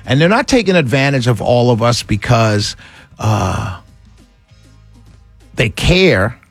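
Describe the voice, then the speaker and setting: A man's voice: medium pitch, very animated, takes it slowly, creaky, no echo, soft background music. A man hosting a talk radio show, ranting with sarcasm and passion and laughing between his points. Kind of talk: opinionated radio monologue.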